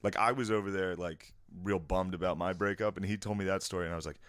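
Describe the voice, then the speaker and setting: Low-voiced man in dry casual chat. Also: fairly even intonation, quick pace, a bit bright, no echo. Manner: laid-back, chimes in with short reactions. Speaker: comedy writer.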